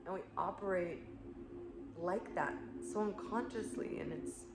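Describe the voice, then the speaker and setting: A woman spiritual coach speaking in an earnest, searching way, full of "like" and soft laughs, in a reflective monologue. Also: on the low side, measured pace. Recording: echoey room with clear background noise.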